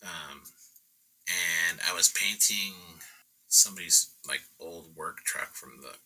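A man's voice: sits low, slow, sharp tone, rough recording. A man in a casual chat, telling stories in a laid-back way, laughing and acting out what people said. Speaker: painter guest.

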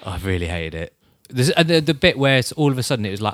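A man's voice: medium pitch, very animated, fast talker, few pauses, no room sound. A man chatting casually about a film, grumbling and exasperated. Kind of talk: casual film review chat.

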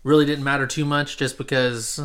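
Male podcast host, mid-pitched, rambling casual delivery with lots of fillers. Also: flat delivery, fairly quick, a bit bright. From Central California. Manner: rambling, many fillers and restarts. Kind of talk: casual chat.

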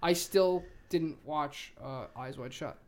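A man co-hosting a podcast in relaxed, teasing banter with plenty of swearing, on a podcast microphone. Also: a little high, slow pace. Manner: laid-back, teasing, profane. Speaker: podcast co-host. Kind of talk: casual chat.

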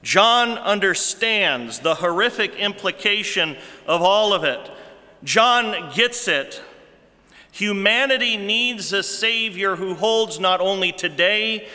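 A male pastor preaches slowly and deliberately, his voice bright and forceful, a little higher than most men's. He repeats questions to the congregation and drops from loud emphasis to near-hushed tones. A long reverb trails behind him as in a large hall. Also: expressive. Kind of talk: sermon.

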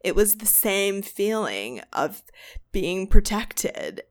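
A woman doing a comic impression of a soft-spoken Californian actress with vocal fry, telling a tender, earnest story slowly. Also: medium pitch, sing-song. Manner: slow, hushed, earnest.

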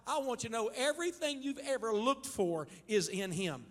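A male pastor with an Ohio accent preaching a fiery sermon, building to loud shouts and calling on the congregation. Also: extremely high pitch, big pitch swings, normal speed. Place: church sanctuary. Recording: live church hall with long reverb and faint music.

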